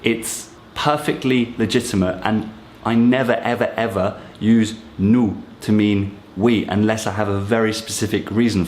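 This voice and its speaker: Low-voiced man teaching in an echoey room. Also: a little hiss or hum. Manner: friendly, encouraging, addresses viewers directly. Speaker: French teacher. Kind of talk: casual explanatory teaching.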